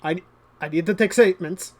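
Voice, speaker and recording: A man's voice: sits high, brisk, darkish tone. A man playing a flustered captain of the guard who stammers and restarts his sentences.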